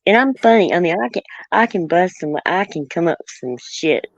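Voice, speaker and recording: A woman's voice: on the low side, lively intonation, normal speed, dry recording, dull audio. A woman from Oklahoma with a country accent, chatting casually as a guest and rambling through many fillers and restarts. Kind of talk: casual chat.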